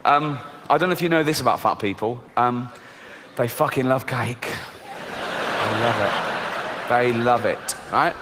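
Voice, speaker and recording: Sardonic British man doing stand-up. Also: mid-range voice. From Britain. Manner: mocking, sardonic, swearing freely. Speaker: stand-up comedian. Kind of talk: live stand-up routine. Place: theater stage before a laughing audience. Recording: long hall reverb, faint noise.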